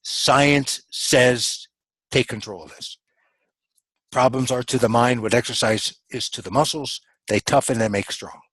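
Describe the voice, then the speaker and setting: A man's voice: medium pitch, measured pace, fairly bright tone, slightly rough, dry recording, rough recording. A man giving a motivational coaching talk in a webinar, earnest and emphatic, repeating his key phrases. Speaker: business coach.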